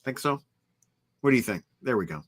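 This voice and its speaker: A man's voice: mid-range voice, animated, a little fast, slight background noise. A man hosting a rock music podcast in upbeat, chatty talk. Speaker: podcast host. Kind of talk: casual chat.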